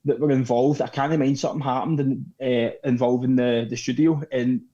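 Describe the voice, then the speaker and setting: A man's voice: mid-range voice, steady tone, normal speed, mellow, highs cut off. A Scottish man chatting as a podcast guest, rambling and calling everyone "mate". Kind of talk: casual chat.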